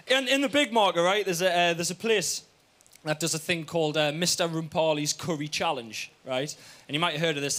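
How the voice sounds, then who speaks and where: A young man with a Geordie accent performing stand-up comedy, telling a story with lively "right?" asides. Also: fairly high pitch. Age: young adult.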